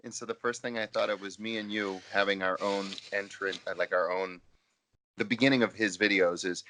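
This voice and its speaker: A man co-hosting a podcast, chatting casually over drinks in an animated, rambling way with lots of fillers and restarts. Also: lowish voice, fairly quick. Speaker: podcast co-host.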